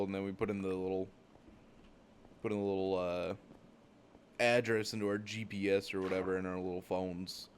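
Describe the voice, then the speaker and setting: A young man from the United States tells loose travel stories while he plays a game. His voice sits very low, and he rambles, swears freely and leans on "like" as filler. A faint hiss runs under the recording. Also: fairly even intonation, normal speed. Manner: rambling, profane, many "like" fillers. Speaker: gaming channel host. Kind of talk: casual storytelling while gaming.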